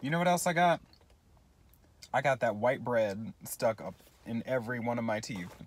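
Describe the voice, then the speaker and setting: Young guy rambling at his phone cam, kinda self-deprecating, says sorry a lot, normal-pitched voice, little bit of background hiss. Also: normal speed. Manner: chatty, self-deprecating, rambling with frequent apologies. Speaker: vlogger. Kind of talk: casual rambling vlog while eating.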